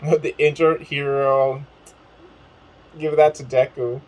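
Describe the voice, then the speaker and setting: A man hosting a reaction video, reading subtitles aloud and bursting out excitedly between lines. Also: fairly high pitch, slow, rough recording. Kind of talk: excited anime reaction commentary.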